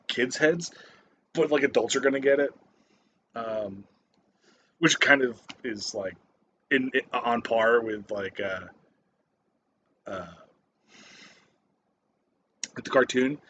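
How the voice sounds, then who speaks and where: A man's voice: medium pitch, fairly bright tone, slight background noise. A man giving a casual, rambling movie review, swearing constantly and stopping often for fillers and restarts.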